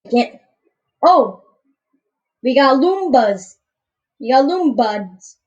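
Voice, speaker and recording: A woman's voice: high-pitched, animated, takes it slowly, darkish tone, muffled recording. A woman giving casual, goofy gameplay commentary, rambling and tripping over her words.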